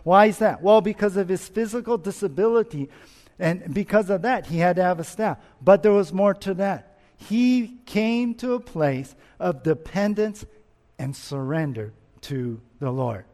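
High-voiced man preaching in a reverberant hall. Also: animated, unhurried, darkish tone. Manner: earnest, asks rhetorical questions, repeats himself. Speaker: pastor. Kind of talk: expository sermon.

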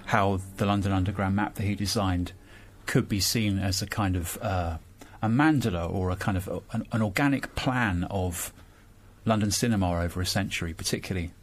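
A man's voice: deep voice, a little fast. A man hosting a conversational discussion about films, thinking aloud and searching for his words. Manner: thoughtful, searching for words with fillers and restarts. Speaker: podcast host.

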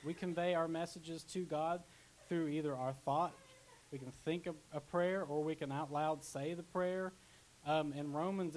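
A man's voice: fairly high pitch, darkish tone, poor audio. A young man preaching a casual sermon as pastor, chatty, with asides and restarts. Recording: faint hiss.

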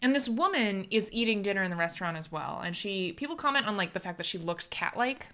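A woman with a bright, forceful voice talks through a film plot with a co-host in casual podcast chat. She is wry and chatty, full of asides and fillers. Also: medium pitch, animated, quick pace.

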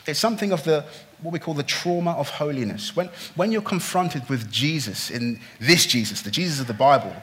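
Impassioned male preacher, fairly high voice. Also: fairly quick. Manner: impassioned, swings from hushed to loud pleading. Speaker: pastor. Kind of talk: sermon.

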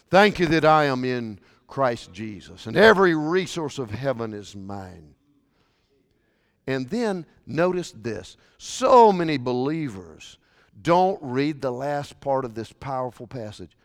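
A man pastor preaching a sermon, swinging from hushed, intimate lines to shouted, passionate ones. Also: medium pitch. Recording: long reverb of a large hall.

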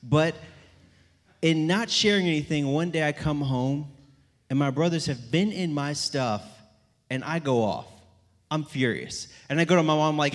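This young church speaker's voice runs on the high side at a normal speed. He entertains a live audience with humorous stories, poking fun at himself and acting out people's quotes with lots of animation, while long reverb fills the hall.

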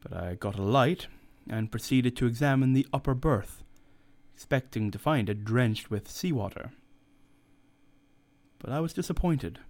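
A man reading a story aloud as narrator, steady and measured. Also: medium pitch. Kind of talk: audiobook reading.

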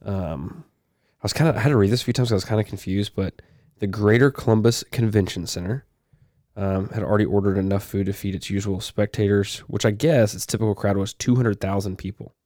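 A young man co-hosts a casual podcast, reading news items aloud and stopping for loose asides. His voice sits a little low and mellow in tone. The sound is close and dry. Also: brisk, dry recording. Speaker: podcast co-host.

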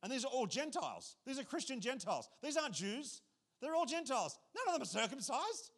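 Man, pastor, sermon, high voice, animated, jokey, repeats phrases. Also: fairly quick.

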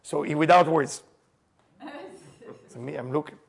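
A man with a slightly high, gravelly voice speaks a little slowly as he gives a lively teaching talk to a group about the Passover seder. An animated storyteller, he jokes, laughs often, and shouts for emphasis.

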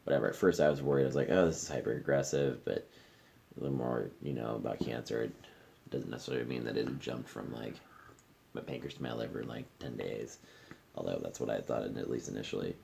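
Very deep, gravelly man talking casually. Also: fairly even intonation, fast talker, mellow, slight background noise. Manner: candid, swears freely, trails off with fillers. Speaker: podcast host. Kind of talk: casual conversation. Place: friend's living room.

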